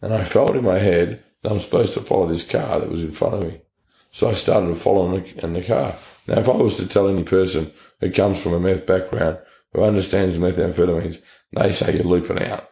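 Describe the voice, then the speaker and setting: Australian man, low gravelly voice, warm dark tone, echoey room, blunt testimony. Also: fairly even intonation, fairly quick. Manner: blunt, earnest storytelling with slang. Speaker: interview guest. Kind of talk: personal testimony.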